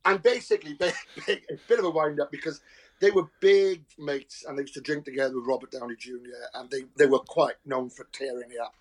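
A man, a guest actor telling lively anecdotes, laughing often and acting out voices. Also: fairly high pitch, a little fast, rough recording. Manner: animated storyteller, laughs often, acts out voices. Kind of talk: anecdotal chat.

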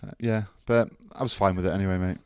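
A man's voice: deep voice, fairly even intonation, fast talker, clean tone, no room sound. A man co-hosting a casual podcast, recounting his week in a laid-back, dry way. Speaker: co-host, rugby commentator.

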